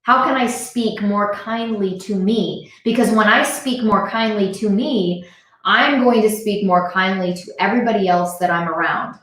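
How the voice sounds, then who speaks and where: A woman's voice: mid-range voice, normal speed, a bit bright. A woman giving an earnest motivational talk on a live stream, speaking straight to her viewers and repeating her points for emphasis. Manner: earnest, repetitive, direct address to viewers. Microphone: device camera on a live stream. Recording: very echoey room sound.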